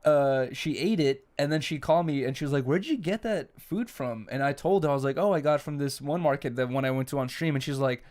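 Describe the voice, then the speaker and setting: A man's voice: mid-range voice, fairly even intonation, fast talker, hardly any pauses, darkish tone. A young man co-hosting a casual podcast chat, rambling and laid-back, swearing freely as he tells stories. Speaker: podcast co-host.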